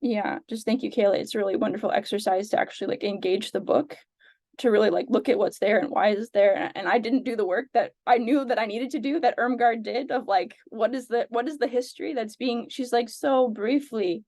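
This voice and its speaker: A woman sharing reflections with a reading group on a video call, earnest and hesitant, with many pauses and fillers. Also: fairly high pitch, darkish tone, no echo.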